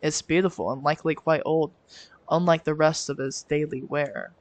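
A woman's voice: low voice, moderate pace, no room sound. A woman streamer reading a visual novel aloud with her own asides, giggling and stumbling over words now and then. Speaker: let's play streamer.

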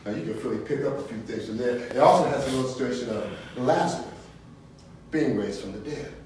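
A man teaching an informal Bible study class, talking casually and getting animated and high-pitched when worked up. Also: a little fast, slight background noise. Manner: animated, laughing storyteller, rises high when excited. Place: classroom or meeting room. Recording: echoey room from far off.

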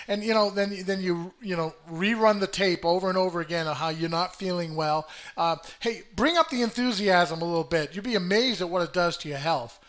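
Speaking to camera in a casual self-help video, an older host's voice sits high. He leans on fillers and repeats words, moving back and forth between an upbeat tone and a purposely flat one.

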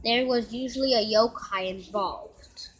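Slow woman reading a storybook aloud. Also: fairly high pitch, rough recording. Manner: slow, halting, self-correcting. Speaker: reader. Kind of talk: reading a children's book aloud.

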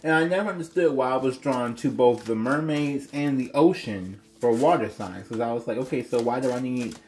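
A man reads tarot cards for his viewers in a loose, chatty way. He exclaims often and lets out sudden high-pitched squeals between calmer stretches. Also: brisk. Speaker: tarot reader. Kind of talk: casual tarot reading to viewers.

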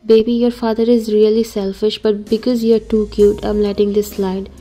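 Playful teasing male friend read by a woman, mellow, even voice, storybook reading. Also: mid-range voice, moderate pace, soft background music, close to an everyday voice. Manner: joking, mischievous.

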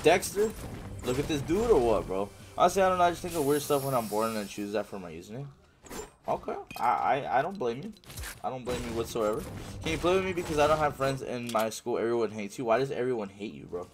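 A male livestreamer with a medium-pitched voice reads viewer chat aloud and answers it casually while he plays, using slang and saying "bro" and "man" a lot. There's slight background noise.

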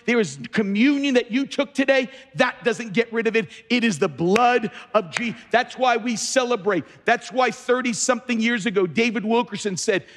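A man's voice: extremely high pitch, a bit bright. A man preaching a sermon as pastor in a large church, emphatic and often repeating words as he starts sentences. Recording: long reverb of a large hall.

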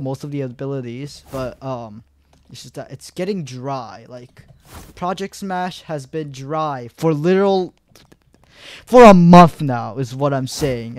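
A man's voice: medium pitch, a little hiss or hum. Young man ranting over gameplay. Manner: frustrated, rambling, many fillers and restarts. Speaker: gaming video creator.

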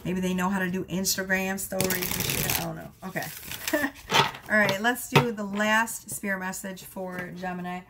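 A woman giving a casual tarot reading, rambling with many fillers and asides, her voice going hoarse. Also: mid-range voice, steady tone, moderate pace, hardly any pauses, heavy background noise. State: losing her voice. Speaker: tarot reader.

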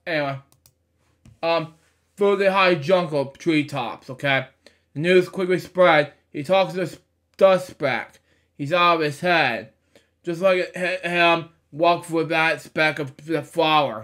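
Tripping over the words and stopping for chatty asides, a man reads a children's picture book out loud. He's a storybook reader whose voice runs on the high side and a bit bright.

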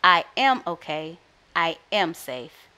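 A woman's voice: on the low side, sing-song, takes it slowly, sharp tone, smooth, heavily acted. A woman voicing a timid young boy rabbit who earnestly reassures himself in a storybook. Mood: hopeful.

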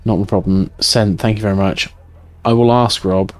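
Low-voiced joking male streamer. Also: steady tone, normal speed, faint music behind. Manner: joking, swearing, chatty with viewers. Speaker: game streamer. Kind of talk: casual live-stream chat while playing.

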